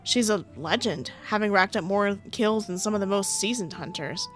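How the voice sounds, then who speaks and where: A woman's voice: medium pitch, normal speed, a bit bright, soft background music. A young woman playing through a game, reading its text aloud and breaking off for playful, sarcastic comments. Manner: playful, chatty, sarcastic asides, frequent laughter. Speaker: game streamer.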